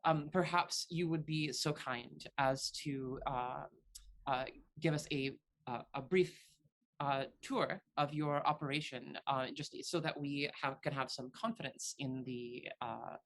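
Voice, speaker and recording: A tabletop player voicing a disguised noblewoman who speaks in a halting, overly formal way. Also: mid-range voice, fairly even intonation, a bit bright. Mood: haughty. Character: pompous disguised noblewoman, lady visitor.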